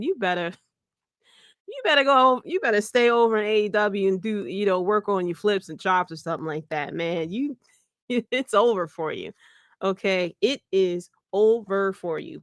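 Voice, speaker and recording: A woman hosting a podcast, recapping wrestling in a joking, animated way, laughing often and swearing freely. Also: mid-range voice, no echo, studio quality. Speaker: podcast host. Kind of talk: casual wrestling recap chat.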